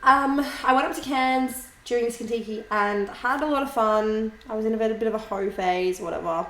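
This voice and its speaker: A young Australian woman co-hosting a podcast, an expressive storyteller who swears casually. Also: on the high side, brisk. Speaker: podcast co-host. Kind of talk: casual chat. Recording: roomy room, faint noise.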